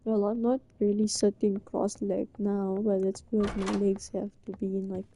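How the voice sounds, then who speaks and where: A woman's voice: medium pitch, little pitch movement, normal speed, warm tone. A young woman from Britain chatting casually and rambling in a giggly, playfully flustered way. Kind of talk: casual chat to a listener. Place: indoors, under a blanket.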